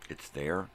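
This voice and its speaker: An older man hosting a morning vlog, chatting in a slow, drifting, rambling way, drowsy from cold medicine. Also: sharp tone. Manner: slow, drifting, full of fillers and wordplay. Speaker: vlog host.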